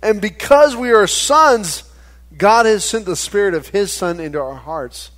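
Male pastor, 30s, lightly high voice, animated conversational sermon. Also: a little slow. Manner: conversational, animated preaching with stammered restarts.

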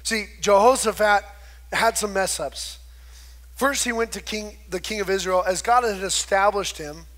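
A man's voice: high voice, normal speed, fairly bright tone. A man preaching a conversational sermon, retelling scripture and acting out the quoted voices. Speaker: pastor.

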